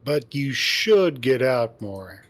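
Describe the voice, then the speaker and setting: A man's voice: mid-range voice, sing-song, slow pace. A man voicing an upbeat young male furry friend who narrates in first person, encouraging and teasing, reading a visual novel aloud.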